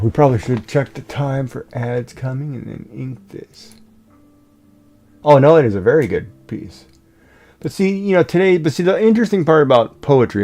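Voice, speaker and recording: A man's voice: medium pitch, vocal fry, mellow. Man, streamer, casual chat, rambling, filler-heavy. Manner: rambling, many "you know" fillers and restarts.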